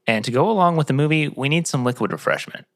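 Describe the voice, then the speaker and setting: A man's voice: on the high side, lively intonation, fast, no echo. A man hosting a casual podcast, doing upbeat introductions and joking loosely with friends. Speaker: podcast host.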